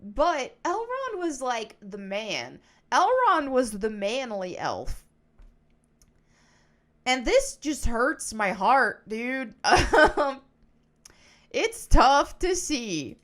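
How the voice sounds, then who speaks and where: A woman YouTuber giving casual, animated video commentary and laughing often. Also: high-pitched, drawn-out words.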